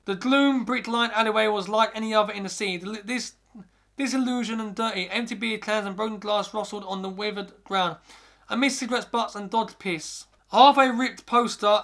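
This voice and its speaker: Podcast host reading horror, stumbles often, bright tense voice, high pitch. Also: male voice, creaky. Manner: first-person narration with frequent stumbles and restarts. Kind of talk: reading a scary story aloud.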